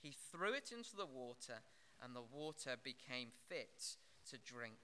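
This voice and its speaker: A man's voice: medium pitch, big pitch swings, measured pace, sharp tone, slight background noise. A man preaching an expository sermon, with frequent fillers and restarts.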